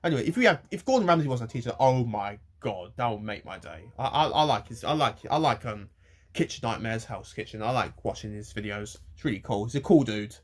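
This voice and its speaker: A young man ranting to camera in a rambling, halting way, swearing freely. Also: medium pitch, lively intonation. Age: young adult. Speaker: vlogger. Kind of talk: casual rant to camera.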